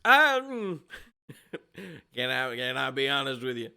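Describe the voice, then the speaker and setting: Give me a portly, smooth-talking egg merchant, put on by a man in a tabletop game. He wheedles and flatters in a bright voice that swings up and down. Friendly on the surface, always angling for a favor. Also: mid-range voice, takes it slowly, exaggerated voice. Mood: schmoozing. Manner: chummy, wheedling salesman talk.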